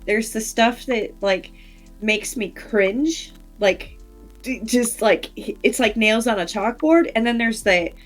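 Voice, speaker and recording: Animated woman streamer, fairly high voice, quick to laugh, faint music underneath. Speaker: streamer guest. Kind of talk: casual interview chat.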